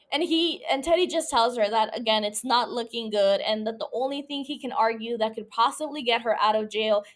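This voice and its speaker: A woman's voice: fairly high pitch, a bit bright. Chatty young woman recapping a movie. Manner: chatty, heavy use of filler "like", frequent restarts. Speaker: podcast host.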